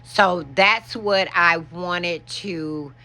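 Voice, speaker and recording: A woman's voice: lowish voice, very slow, bright, forceful tone. A woman giving a chatty show-and-tell walkthrough of her decorated bedroom, explaining things as she points them out. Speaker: home decor vlogger.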